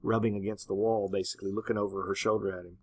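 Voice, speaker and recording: A man giving a literature lecture in a conversational way, often asking "right?" and pausing on "um". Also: fairly low pitch, little pitch movement, darkish tone, dry recording. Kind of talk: classroom lecture.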